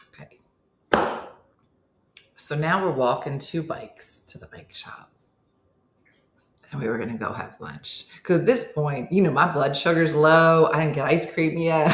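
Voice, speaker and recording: A woman's voice: fairly low pitch, very animated, normal speed, a bit bright, echoey room. A woman telling a comic story about her morning, acting out both sides of a quarrel and laughing through it. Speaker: comedian and morning show host.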